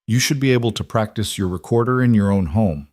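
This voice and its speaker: A man's voice: fairly low pitch, darkish tone, no echo, studio quality, close to an everyday voice. A man voicing a tense, stressed career woman. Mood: strained. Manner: clipped, tense, quick to defend herself.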